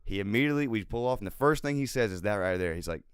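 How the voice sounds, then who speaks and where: A man co-hosting a live podcast, telling stories in an animated way, swearing and laughing often. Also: lowish voice, racing, smooth, no room sound, clean studio sound. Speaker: podcast co-host. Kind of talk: casual live podcast chat. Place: live show recording.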